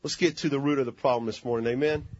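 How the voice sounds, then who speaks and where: A man's voice: mid-range voice, steady tone, fast, dry recording, dull audio. A man preaching a fervent sermon and calling for amens.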